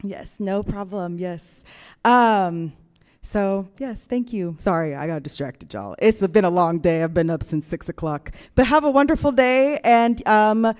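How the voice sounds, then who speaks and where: A woman's voice: medium pitch, measured pace, darkish tone, smooth. A woman giving informal, slightly scattered closing remarks to an audience in a university theater. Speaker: event organizer.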